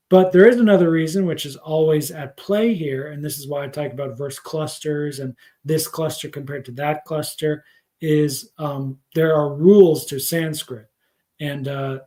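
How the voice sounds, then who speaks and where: A man's voice: a little high, warm tone. A man teaching scripture in a casual livestream lesson, rambling and thinking aloud with many fillers. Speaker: spiritual teacher.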